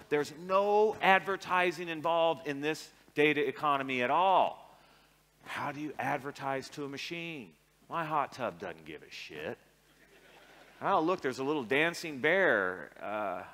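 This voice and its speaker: A man's voice: a little high, fairly bright tone. A middle-aged man from Seattle giving a conference keynote, irreverent and joking, acting out little dialogues. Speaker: keynote speaker. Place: large arena. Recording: arena reverb.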